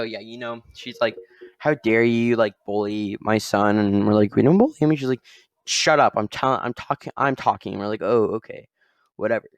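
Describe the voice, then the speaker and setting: A man's voice: lowish voice, a little mellow, dry recording, clean studio sound. Rambling young man telling a story. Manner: rambling, tags sentences with "all right?". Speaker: podcast host. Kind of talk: casual storytelling.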